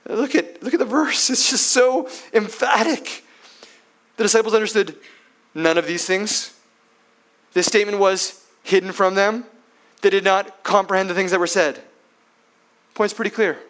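A man preaching a sermon as pastor, emphatic, swinging between loud declarations and hushed passages, with rhetorical questions. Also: high voice, normal speed, long pauses.

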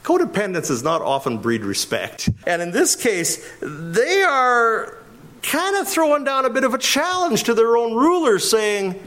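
A man's voice: very high voice, big pitch swings, unhurried, fairly bright tone. A middle-aged man from Canada giving expository Bible teaching as a pastor, emphatic and often chuckling. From Winnipeg, Canada.

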